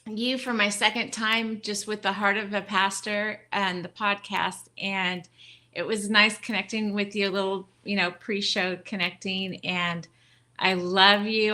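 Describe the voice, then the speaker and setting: A woman's voice: mid-range voice, pushed and bright. A woman who leads a ministry, a podcast guest telling a heartfelt personal story with emotion and gratitude. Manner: emotional, grateful, rambling with restarts.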